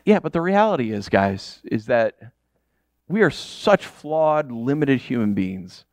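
A man in his thirties from upstate New York preaching a sermon, telling personal stories with lively, acted-out reactions. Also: medium pitch, unhurried, no room sound. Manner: animated storytelling, acts out shouted reactions. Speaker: pastor.

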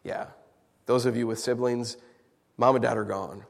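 A male pastor preaching a sermon with humorous asides, animated and full of rhetorical questions. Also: mid-range voice, normal speed, vocal fry, in a large hall.

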